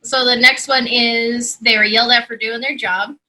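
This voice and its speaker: A woman's voice: fairly high pitch, steady tone, moderate pace, bright, forceful tone, poor audio. A woman co-hosting a podcast over a video call in casual chat, blunt and swearing, laughing often. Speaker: podcast co-host.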